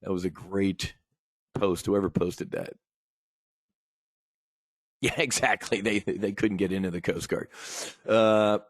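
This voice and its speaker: Blunt, profane man with a low voice. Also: takes it slowly, pauses often, dry recording. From United States. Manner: blunt, profane, fired-up, addresses listeners as folks. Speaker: podcast host. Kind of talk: casual political rant.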